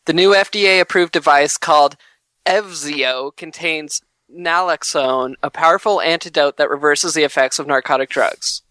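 A man's voice: on the high side, normal speed, bright, forceful tone, clean tone, dry recording. A man co-hosting a casual podcast, reading out news headlines and joking about them. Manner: reads headlines then jokes about them. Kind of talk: casual chat.

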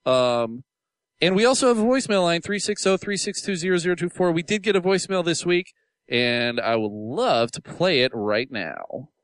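A man's voice: a little high, sing-song, normal speed, no echo. A man co-hosting a podcast in casual chat, playful and jokey. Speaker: podcast co-host.

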